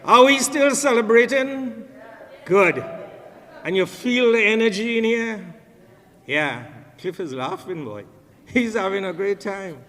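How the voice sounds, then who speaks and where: A man's voice: sits high, lively intonation, slow, fairly bright tone. Older Trinidadian man telling jokes in a hall. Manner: jovial, laughing, storytelling. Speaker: memorial service speaker. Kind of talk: anecdotal eulogy with jokes. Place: funeral home service hall. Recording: long reverb in a hall.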